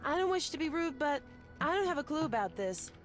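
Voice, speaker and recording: A woman's voice: sits high, very animated, brisk. A polite townswoman. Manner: formal, polite. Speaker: video game character. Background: game music.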